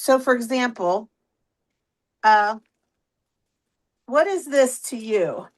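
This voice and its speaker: A woman's voice: fairly high pitch, animated, takes it slowly. A woman with a Pittsburgh accent hosts a live craft stream, chatting casually and greeting viewers by name. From Pittsburgh, USA. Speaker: host of a live stamping stream.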